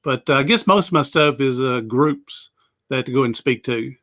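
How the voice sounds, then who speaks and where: Bright-voiced man. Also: medium pitch, normal speed. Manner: easygoing, rambling with frequent "uh" and restarts. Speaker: guest, motivational speaker. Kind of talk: casual interview chat.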